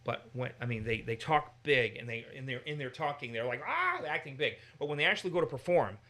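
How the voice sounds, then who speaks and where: Man, American accent, bright tense voice, casual Bible teaching, animated, acts out voices. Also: medium pitch, fast.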